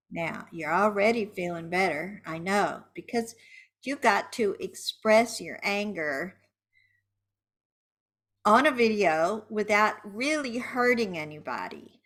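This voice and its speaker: Woman, tapping coach, guided session, slow unhurried delivery, bright tone. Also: medium pitch, animated. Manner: slow and soothing, shouting angry phrases for the viewer to repeat.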